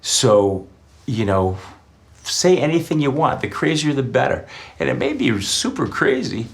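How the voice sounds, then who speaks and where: A man's voice: medium pitch, big pitch swings, a little slow, vocal fry. A middle-aged man answering interview questions in a reflective way, sharing personal anecdotes. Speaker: interview guest.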